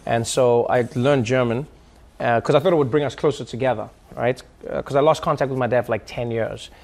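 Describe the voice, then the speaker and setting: Speaking in a mid-range voice at a fairly quick clip, a comedian answers audience questions during a live stand-up Q&A. He tells stories with animation, chuckles as he goes, and repeatedly slips into impressions, while laughter and chatter fill the hall around him.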